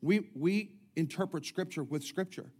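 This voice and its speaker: Conversational preaching man, fairly high voice. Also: normal speed, a little mellow, husky. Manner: conversational preaching with humorous asides and frequent restarts. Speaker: pastor. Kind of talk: sermon.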